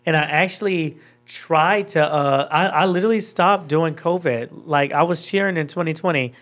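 A young man from Georgia talks easily as a podcast guest, open and candid. His voice sits a touch high. He drops in casual swearing along the way. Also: moderate pace, fairly bright tone. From Georgia, USA. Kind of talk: casual interview chat.

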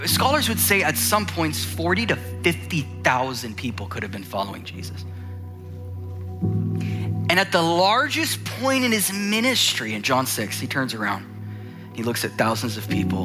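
A male pastor preaching a sermon with passion, dropping to hushed low lines and rising to urgent high ones. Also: big pitch swings, normal speed, music in the background.

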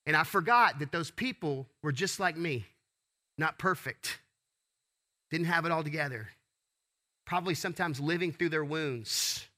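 A man's voice: fairly high pitch, moderate pace, pauses often, bright, forceful tone. A man preaching a sermon as pastor, asking rhetorical questions and calling for responses from the congregation.

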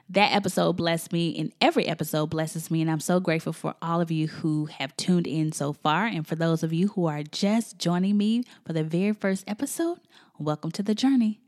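A woman in her thirties hosting a faith and family podcast, talking in an effusive, emotional, chatty way. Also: sits low. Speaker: podcast host.

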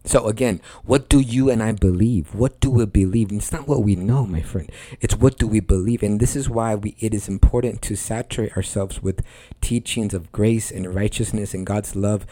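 A man's voice: fairly low pitch, moderate pace, warm tone, no room sound. A man hosting a Christian podcast, preaching in a conversational way with earnest emphasis and repeated phrases.

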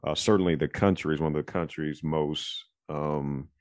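A man hosting a podcast in casual chat, rambling and digressive as he thinks out loud. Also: very deep voice, steady tone, moderate pace, no room sound. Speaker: podcast host.

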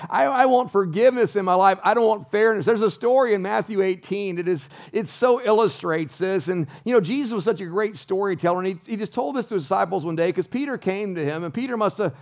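A male pastor preaches an emphatic sermon in church and keeps asking the congregation rhetorical questions. His voice sits high for a man and has a gravelly fry. The recording sounds somewhat dull and lo-fi.

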